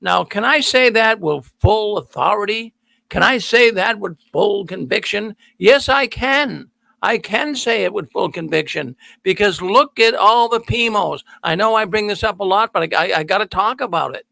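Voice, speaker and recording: Folksy middle-aged host, high and bright, gravelly edge, dry close mic, stresses every point. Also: male voice, normal speed, no room sound. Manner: folksy, emphatic, repeats words for stress. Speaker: call-in show host. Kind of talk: energetic monologue to viewers. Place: studio.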